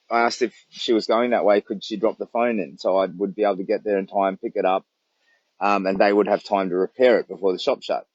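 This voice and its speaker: His pitch fairly low, an Australian man talks casually to a phone livestream while camped in the bush on a long charity walk. He tells rambling, warm stories and laughs along the way, with no room sound and the high frequencies cut off.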